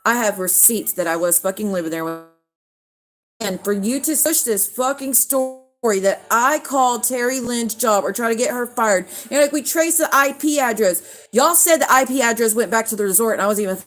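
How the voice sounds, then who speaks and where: A woman's voice: fairly high pitch, moderate pace, a bit bright. Heated woman ranting on a livestream. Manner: heated, swearing, talks to viewers by name. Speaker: livestream host. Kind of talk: casual livestream rant.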